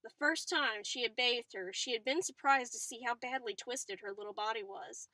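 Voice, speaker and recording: A woman reading a novel aloud in a chatty way, stopping now and then for excited asides. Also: fairly high pitch, moderate pace, dry recording. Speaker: reader.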